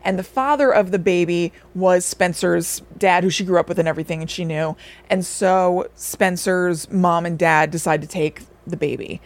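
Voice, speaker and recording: A woman's voice: fairly low pitch, moderate pace. A young adult woman co-hosting a podcast, eagerly recapping a story in casual chat and acting out bits of dialogue. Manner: animated plot recap with acted-out quotes. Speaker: podcast co-host.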